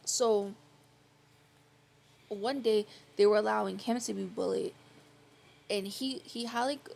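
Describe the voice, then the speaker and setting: A young woman vlogger telling personal stories in a quiet, rambling, casual way, filling her talk with "like". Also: mid-range voice, takes it slowly, creaky. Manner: rambling, filler-heavy with frequent "like"; quiet, soft-spoken. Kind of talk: casual storytelling chat.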